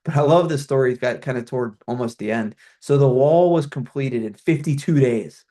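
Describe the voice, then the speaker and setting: A man's voice: medium pitch, brisk, dark tone. A middle-aged man who used to be a pastor, giving a conversational presentation on a call with many restarts and fillers. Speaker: ministry consultant, former pastor.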